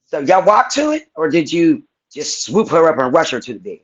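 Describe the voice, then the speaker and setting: An angry woman speaking, hammering a man with pointed questions on a live stream. Her voice is husky and a little breathy. The audio sounds muffled and lo-fi. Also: deep voice, big pitch swings, a little fast. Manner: angry, confrontational, profane. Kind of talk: heated live-stream confrontation.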